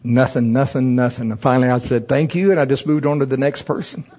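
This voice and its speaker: Male preacher, husky voice, comic storyteller, chuckles often, loud high bursts when acting out his thoughts. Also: steady tone, fast. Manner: chuckles often while telling stories. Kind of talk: humorous storytelling sermon.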